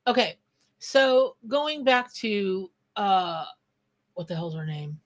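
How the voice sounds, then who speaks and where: Psychic lady on a live stream, chatty and scattered, keeps saying hi to the chat mid-sentence, middle pitch. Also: animated, slow. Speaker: tarot reader and psychic. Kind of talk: live-stream reading with chat shout-outs.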